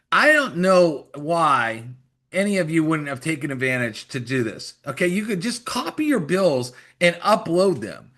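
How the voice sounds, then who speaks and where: Upbeat man giving a sales pep talk. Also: on the high side. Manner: energetic, persuasive, acts out mock conversations. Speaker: company executive giving sales training. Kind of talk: motivational sales pitch on a call.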